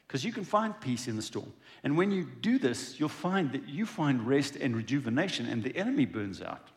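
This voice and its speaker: Male pastor, mid-pitched, very lively delivery, chatty sermon full of acted lines. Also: vocal fry. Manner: animated, conversational preaching with acted-out dialogue. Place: church.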